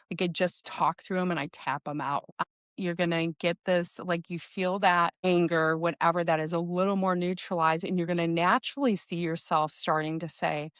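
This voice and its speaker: A woman's voice: on the low side, smooth, dry recording, clean studio sound. Chatty middle-aged woman podcast host. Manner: chatty, addresses listeners as "you guys"; softer and quieter while leading tapping. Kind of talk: casual talk with guided EFT tapping.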